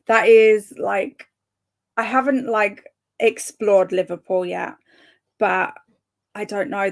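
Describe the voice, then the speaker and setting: A young woman chats on her live reading stream in a bubbly, easygoing way. She reads viewers' comments aloud, laughs often and stumbles over a word here and there. Her pitch sits mid-range. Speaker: livestream host of reading sprints.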